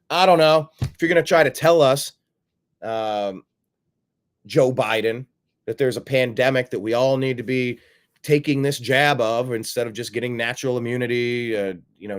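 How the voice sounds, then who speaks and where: A man hosting a political commentary show, combative and sarcastic, repeating phrases for emphasis. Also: mid-range voice. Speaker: host.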